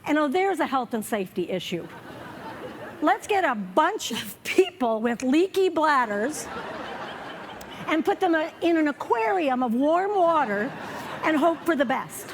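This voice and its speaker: An older woman doing a live stand-up set on stage, wry and self-mocking, slipping into quick character asides. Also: high voice, sing-song, some chatter behind, a little hiss or hum. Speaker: stand-up comedian. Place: comedy festival stage before a live audience.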